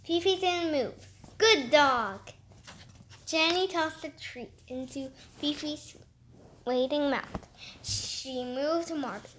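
Woman, children's storybook reader, slow deliberate pace, very high pitch, expressive. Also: background noise. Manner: expressive, lively read-aloud. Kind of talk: reading a children's story aloud.

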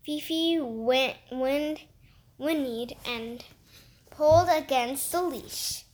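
A woman reading a children's story aloud in an expressive, lively way. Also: sits high, slow. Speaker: storybook reader.

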